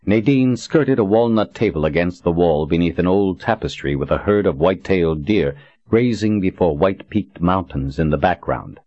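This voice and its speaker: Deep male reader, steady narration; dry, lo-fi booth sound. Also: moderate pace, no echo. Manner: steady, even reading. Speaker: audiobook narrator. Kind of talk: scripted narration. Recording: dull dry recording.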